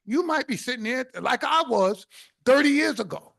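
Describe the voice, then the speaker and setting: An older man from the South Bronx giving an inspirational speech, telling stories in an animated way with bursts of shouted emphasis. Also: extremely high pitch, moderate pace, creaky. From South Bronx, New York. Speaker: keynote speaker.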